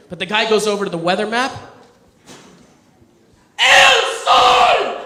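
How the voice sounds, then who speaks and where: Bright-voiced male stand-up comedian. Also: sits high. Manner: conversational, self-deprecating delivery with deadpan asides. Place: comedy club stage with a live audience. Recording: echoey club room.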